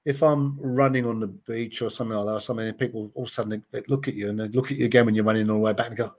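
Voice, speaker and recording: A man's voice: fairly low pitch, fairly even intonation, rapid-fire. A man in his late sixties, a former TV gladiator, telling anecdotes in a casual interview and acting out the voices of the people he quotes. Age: 60s. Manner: chatty anecdotes, acts out quoted voices, frequent "you know".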